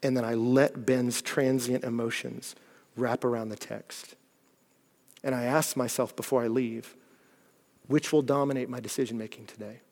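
A man preaching a sermon, animated and shifting from loud bursts to hushed, earnest passages. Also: medium pitch, moderate pace. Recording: long hall reverb.

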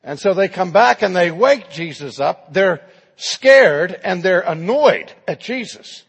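Slow gravelly male preacher, slightly higher voice, echoing hall. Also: animated. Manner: dramatic storytelling with acted quotes. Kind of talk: sermon.

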